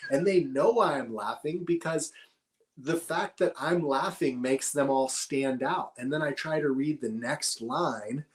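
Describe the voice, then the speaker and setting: A man's voice: on the high side, unhurried. Laid-back profane man. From Northern California. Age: middle-aged. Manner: laid-back, profane, rambling with frequent fillers. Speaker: podcast guest, cannabis grower. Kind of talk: casual conversational storytelling.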